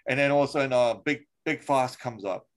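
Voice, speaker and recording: A man's voice: medium pitch, brisk, low-quality recording. Rambling swearing podcast host, man. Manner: rambling, swears freely, many fillers and restarts. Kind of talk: casual chat.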